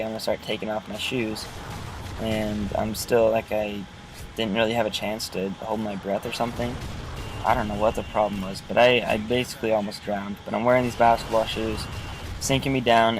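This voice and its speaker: A man vlogging from inside his car, telling a story in a casual, rambling, joking way, with car noise in the background. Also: fairly low pitch. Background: passing car noise.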